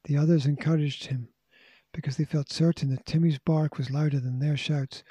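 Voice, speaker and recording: A man reading a children's storybook aloud in a steady, measured way. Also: fairly high pitch, slightly rough, no room sound. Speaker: audiobook reader. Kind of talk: storybook narration.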